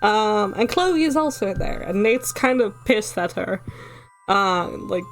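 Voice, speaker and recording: A woman's voice: mid-range voice, expressive, slow, soft background music. A woman with a Dutch accent, casually recapping a story as a streamer, sweary and full of fillers and laughs.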